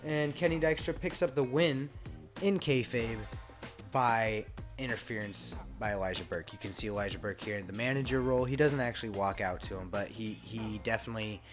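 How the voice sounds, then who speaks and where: A man's voice: fairly low pitch, a little fast, soft background music. A man giving casual commentary over a wrestling game, chatty and rambling, with frequent swearing and asides. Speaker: gaming channel host.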